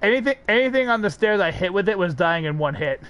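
A man's voice: high voice, lively intonation, quick pace, fairly bright tone. A man streaming a co-op game, chatting casually, teasing and swearing as he plays. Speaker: streamer playing co-op. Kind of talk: casual live gaming chat.

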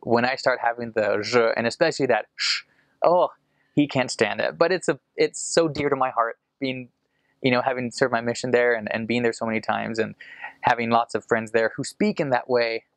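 An American man explaining casually, rambling with fillers and restarts, and slowing down to demonstrate sounds. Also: mid-range voice, fairly bright tone, dry recording. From United States. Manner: demonstrates sounds slowly and carefully. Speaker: returned missionary explaining an accent.

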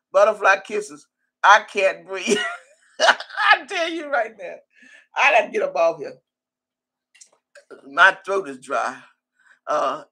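Her mid-range voice sounds pushed and bright as she hosts a chatty live stream. She teases, laughs frequently, and rattles off one viewer's name and comment after another.

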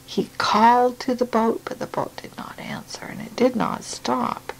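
A woman reads a picture book aloud to a child, gentle and unhurried, pausing to ask questions along the way. Her voice is fairly high with a gravelly, creaky texture, and her pace is very slow. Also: little pitch movement, whispered, rough recording.

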